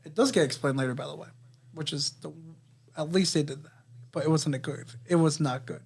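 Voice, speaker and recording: A man's voice: fairly high pitch, a little fast, creaky, a little mellow, husky. A man co-hosting a podcast, casually recapping a movie plot in a rambling way, swearing and laughing. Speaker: podcast co-host. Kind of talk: casual movie review chat.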